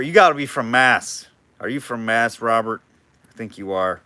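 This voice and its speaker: A man's voice: mid-range voice, moderate pace, bright, forceful tone, no room sound. A man running a live online auction, calling bids and chatting casually with viewers between lots. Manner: chatty, jokey, reads out bids and names viewers.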